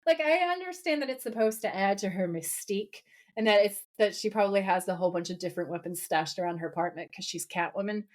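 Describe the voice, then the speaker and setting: This podcast co-host talks fast in a mid-range voice. She was partly raised in America, and her casual episode recap is animated and playful as she retells TV scenes by performing the quoted lines.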